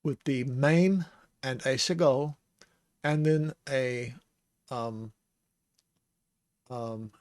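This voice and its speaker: A man teaching the Hebrew alphabet in a casual, rambling way, sounding out syllables slowly and chuckling now and then. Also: medium pitch, a little mellow, dry recording. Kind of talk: casual lesson.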